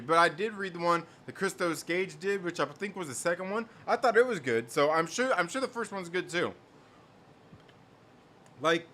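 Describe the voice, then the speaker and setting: Bright-voiced, chatty male stream host. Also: a little high. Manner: rambling, repeats himself, laughs often. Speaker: host reading live chat. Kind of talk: casual live-stream chat.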